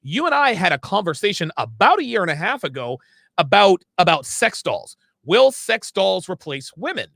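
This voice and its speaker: A man with a lively, swinging voice and a gravelly edge hosts a livestream. He reads viewer messages aloud and answers them bluntly and with emphasis. The sound is close and dry. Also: sits high, moderate pace, dry recording. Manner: emphatic, blunt, stops to fix his own words. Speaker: livestream host reading viewer chats. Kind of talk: casual livestream talk.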